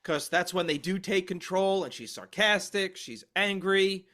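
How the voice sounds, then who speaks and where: A man with a high, bright voice recaps a story in casual podcast chat, dropping quick jokes along the way. His talk stays loose and comedic. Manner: recaps plot with jokey asides.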